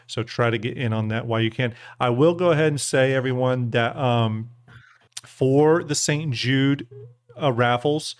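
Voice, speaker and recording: A man hosting a livestream talks in a loose, chatty way and often stumbles over repeated words. His voice sits at a middle pitch. The sound is close and dry, with no room around it. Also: no room sound. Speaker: livestream host. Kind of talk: casual livestream chat.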